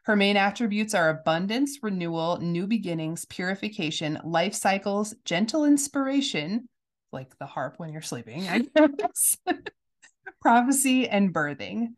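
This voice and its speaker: A woman co-hosting a podcast in casual chat, her voice a little gravelly from being sick, chatty and giggly with lots of fillers. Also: medium pitch, expressive, a little slow. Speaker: podcast co-host.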